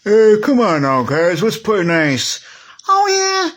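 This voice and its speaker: A man's voice: a little high, animated, slow pace. A man improvising a playful toy-train skit, talking in a loose, stumbling way. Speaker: toy play performer.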